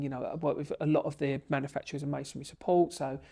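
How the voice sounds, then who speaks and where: A man in a podcast interview, telling his story with lively, emotional energy. His voice sits a bit high for a man and has a gravelly fry running through it. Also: quick pace. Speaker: podcast guest, bricklaying tutor.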